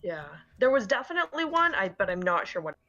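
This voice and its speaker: A woman's voice: mid-range voice, very animated, quick pace, sharp tone, dull audio. A woman playing in a tabletop game, talking in a hesitant way with many restarts. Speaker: player.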